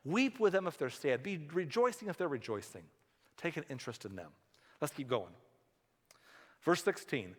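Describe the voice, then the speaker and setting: A man's voice: on the high side, very animated, moderate pace, long pauses, husky. A man preaching a sermon as a pastor, in a conversational way, often acting out the voices of the people he talks about. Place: church sanctuary. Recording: church hall reverb.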